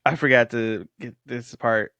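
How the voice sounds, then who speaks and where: A man's voice: medium pitch, fairly even intonation, measured pace, sharp tone, clear, resonant tone, dry recording, lo-fi sound. A man co-hosting a casual podcast, easygoing and agreeable, often laughing along. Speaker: podcast co-host. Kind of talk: casual chat.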